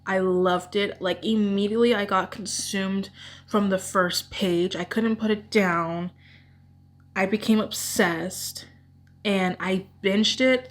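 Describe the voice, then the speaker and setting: A woman's voice: medium pitch, a little hiss or hum. A woman vlogger chatting casually about her favorite books, gushing and rambling with emotion. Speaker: book vlogger. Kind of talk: casual book chat.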